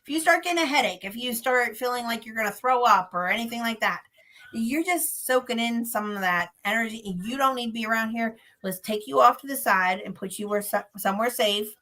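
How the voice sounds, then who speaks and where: A woman with a bright, fairly high voice tells a spooky story. She is animated and laughs easily, and she acts out the people in her story. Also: fairly quick, rough recording. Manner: lively, laughs often, acts out others' lines. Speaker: paranormal investigator guest.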